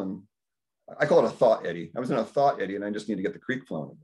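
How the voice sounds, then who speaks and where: A health practitioner aged in his fifties speaks fast at an indoor community dinner. His talk rambles casually from story to story, and he acts out his thoughts animatedly in a higher voice.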